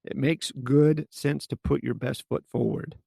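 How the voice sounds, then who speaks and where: A man hosts a solo coaching podcast and speaks in a blunt, casual way. His voice is deeply gravelly and husky. The recording is dry and close. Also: fairly even intonation, a little slow, dark tone, no echo. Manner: blunt, casual, mild swearing. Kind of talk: solo podcast advice talk.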